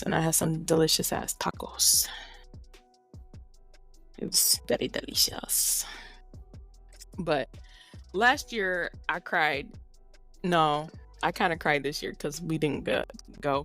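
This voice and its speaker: A woman's voice: low-pitched, unhurried, pauses often, a bit bright, faint music behind. A middle-aged woman co-hosting a podcast, telling a long story in casual, profane chat. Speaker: podcast co-host.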